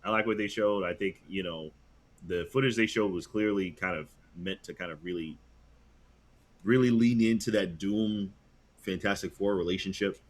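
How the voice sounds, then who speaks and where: A man co-hosts a casual podcast chat. His voice is low and slightly husky. He rambles with plenty of fillers and restarts. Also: moderate pace. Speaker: podcast co-host.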